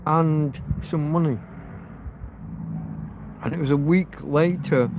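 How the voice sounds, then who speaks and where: Male streamer, heated and sweary, fairly high-pitched, faint background noise. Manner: heated, sweary ranting with many restarts. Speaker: livestream host. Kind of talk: rambling livestream chat.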